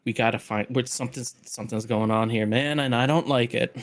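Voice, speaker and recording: A man in a tabletop game session talks fast and urgently while planning in character. He swears freely, with an everyday mid-range voice. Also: mid-range voice, fairly even intonation. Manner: urgent, profane banter. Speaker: player.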